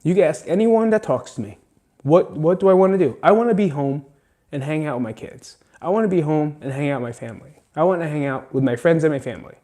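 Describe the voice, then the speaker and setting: Speaking fast in a fairly high, warm voice full of lively intonation, a man hosts a solo podcast. His monologue is emotional: earnest, emphatic, laced with swearing, and on the edge of tears.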